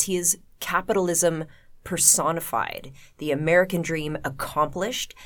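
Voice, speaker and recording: A woman co-hosting a casual film discussion, wry and arguing her points in full, thought-out sentences. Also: low voice. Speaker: podcast co-host.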